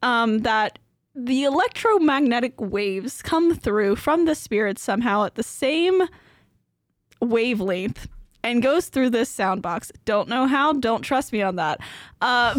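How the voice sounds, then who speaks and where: A woman's voice: a little high, dry recording, studio quality. A young woman co-hosting a podcast, telling a ghost story in a rambling, casual way with lots of fillers and laughter. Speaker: podcast co-host.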